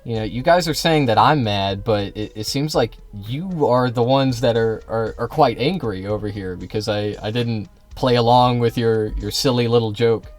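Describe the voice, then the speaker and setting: A man's voice: mid-range voice, moderate pace, few pauses, faint music behind. A man streaming live, arguing with his chat in a combative, sarcastic, profane way. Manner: sarcastic, mocking. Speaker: livestreamer.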